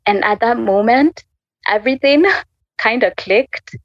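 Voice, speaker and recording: A woman's voice: on the high side, a little slow, creaky, a bit bright, dry recording, highs cut off. A woman in her twenties from Kenya candidly telling her personal faith story as an interview guest. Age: 20s. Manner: candid, conversational, full of fillers.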